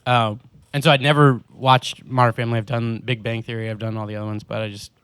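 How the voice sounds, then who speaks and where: A man's voice: medium pitch, flat delivery, quick pace, fairly bright tone, clean tone, dry recording. A young man in his twenties hosting a podcast, chatting casually with friends, rambling and laughing as he talks. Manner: laid-back, rambling with restarts and laughs. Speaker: podcast host. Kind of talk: casual chat.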